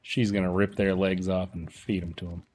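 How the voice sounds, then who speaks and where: A man streaming a game, chatting casually and playfully teasing his chat, often dropping into quiet muttering. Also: low voice, flat delivery, normal speed, slight background noise. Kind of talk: casual live-stream commentary.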